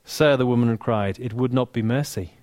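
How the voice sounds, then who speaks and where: A man with an English accent preaching a sermon, earnest and warm, dropping to soft, hushed lines for emphasis, with touches of dry humor. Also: medium pitch, moderate pace, dry recording. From England. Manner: earnest, softening to near-whisper on key lines, dry humor.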